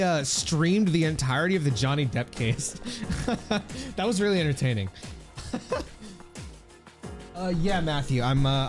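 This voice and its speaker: A young man from the Philippines chatting casually and rambling to his viewers while he streams a game. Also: on the high side. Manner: rambling, chatty, lots of fillers, laughs often. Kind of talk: casual live-stream chat while gaming.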